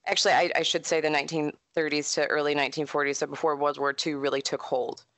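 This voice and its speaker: A woman, speaking as an author and historian in a casual interview. Her voice sits a little low, and she talks in a chatty, animated way. The sound is dry and close, with no room echo. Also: fast talker. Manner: chatty, animated storyteller with frequent laughs.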